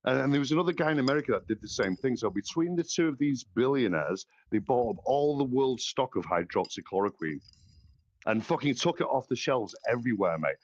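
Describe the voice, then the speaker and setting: A man's voice: mid-range voice, expressive, a little fast, highs cut off. A man hosting a casual political podcast chat, blunt and heated, swearing often. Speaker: podcast host.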